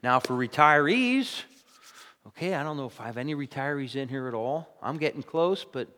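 A middle-aged man preaching a sermon, telling stories in a conversational way that climbs to loud, emphatic peaks. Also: a little high. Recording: long hall reverb.

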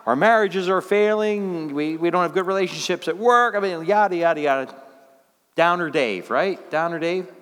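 Animated preacher man in echoing hall. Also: normal speed. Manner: swings from low, quiet delivery to high, loud bursts; folksy, conversational preaching. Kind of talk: sermon.

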